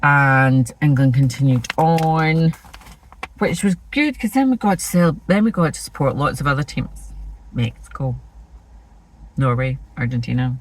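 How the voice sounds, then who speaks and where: A woman's voice: extremely low pitch, big pitch swings, measured pace, rough recording. A Scottish woman chatting casually and rambling about her stitching projects in a self-deprecating way. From Scotland. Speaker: flosstube host. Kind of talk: casual chat showing cross-stitch projects.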